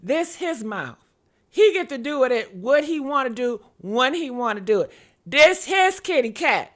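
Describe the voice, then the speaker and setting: A young woman hosting a show, telling a story in casual chat, dramatic and laughing loudly as she goes. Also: sits high, very animated, measured pace. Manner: loud, laughing, dramatic retelling. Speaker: show host.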